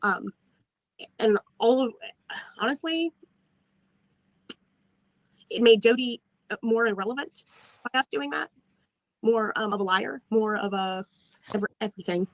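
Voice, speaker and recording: A woman's voice: a little high, measured pace, pauses often, dry recording, low-quality recording. A woman in casual livestream chat, agreeable and hesitant, often trailing off with fillers. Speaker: livestream co-host.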